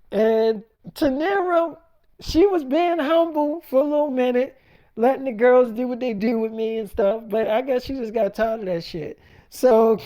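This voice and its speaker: A man casually telling a profane story and acting out the arguments in it with lots of swearing. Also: very high voice. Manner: animated, acts out quoted arguments, lots of swearing.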